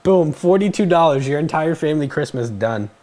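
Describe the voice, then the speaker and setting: A man's voice: a little high, lively intonation, fairly quick, mellow. Playful young man hosting a stream. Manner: playful, jokey, reads viewer questions aloud. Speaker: stream host. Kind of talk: casual livestream chat.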